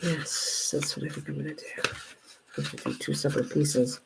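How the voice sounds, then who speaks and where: An older woman hosting a live crafting stream, greeting viewers by name and muttering quietly to herself as she works. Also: low voice, sing-song, normal speed, gravelly, background noise. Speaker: craft livestream host.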